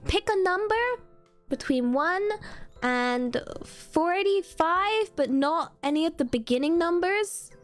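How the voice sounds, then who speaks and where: A British woman hosting a casual stream chat, giggly and excitable, often breaking into laughter. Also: very high-pitched, slow, faint music behind. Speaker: streamer host.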